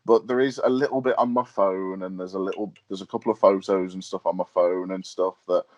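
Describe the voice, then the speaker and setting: British man telling lively stories. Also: low-pitched, fairly quick. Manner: lively storyteller, laughs often, hesitant fillers. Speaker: wrestler and promoter, guest. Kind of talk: casual interview chat. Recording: dull lo-fi podcast audio.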